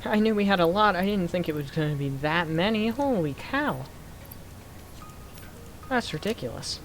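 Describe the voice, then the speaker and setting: A young man talks casually to his stream chat from his desk mic, his voice sitting a little high for a man. He breaks into quick excited outbursts between easygoing remarks. Game music plays clearly underneath him. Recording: game music playing behind.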